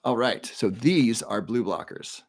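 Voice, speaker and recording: A man with a lowish voice and vocal fry speaks at a measured pace, with a little hiss or hum in the background. Hosting a live stream, he talks casually with chat, leads a breathing exercise, and answers viewers by name.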